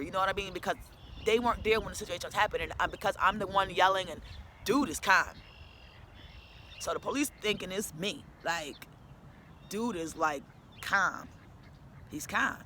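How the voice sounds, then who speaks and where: A woman's voice: lowish voice, background noise. A woman, a single mother, telling her personal story to the camera in a candid, emphatic, conversational way.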